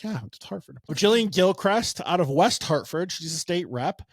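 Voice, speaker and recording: Man, podcast co-host, slightly high voice, rambling and sarcastic, dry close sound. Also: lively intonation, moderate pace, husky, no room sound. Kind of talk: casual political podcast chat.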